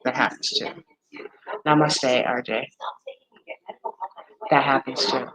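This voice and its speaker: A woman in her forties or fifties chatting casually on a livestream, candid and blunt, swearing freely, talking straight to her viewers and acting out friends in high, exaggerated voices. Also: steady tone, takes it slowly, fairly bright tone, rough recording. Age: 40s to 50s. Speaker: livestream host.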